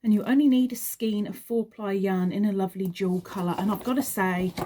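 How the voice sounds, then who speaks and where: A woman speaks slowly and casually as she reviews a craft magazine. She reads passages aloud and then drifts into chatty, meandering asides. Her pace stays unhurried throughout. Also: medium pitch, a little mellow. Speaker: crochet vlogger.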